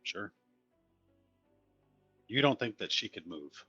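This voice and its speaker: A very deep but bright-toned man runs a tabletop game, narrating calmly with plenty of ums. His mic sounds dry and a little dull. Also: takes it slowly, slightly rough, no room sound, soft background music. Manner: calm, low-key narration with frequent fillers. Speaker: dungeon master.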